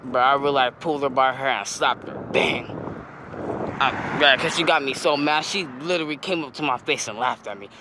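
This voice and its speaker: A man's voice: medium pitch, a little fast, noisy background. A teenage boy telling a story in casual slang, saying "bro" after nearly every phrase, outdoors near a street.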